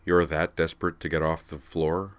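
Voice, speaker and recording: A man reading aloud and voicing a calm, gentlemanly young man who speaks dryly and quietly. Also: very deep voice, a little fast. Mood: deadpan. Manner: dry, deadpan, quiet.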